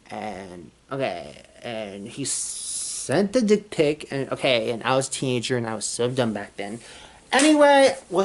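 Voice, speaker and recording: A young woman from Texas telling a personal story in a casual, rambling way, with many restarts and swearing. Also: very deep voice. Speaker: vlogger.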